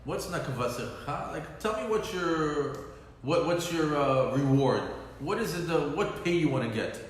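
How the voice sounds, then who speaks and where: A man's voice: a little high, lively intonation, normal speed. A man teaching a lunch-and-learn Torah class. He explains verses in casual English and mixes in Hebrew quotes. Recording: echoey hall, faint background noise.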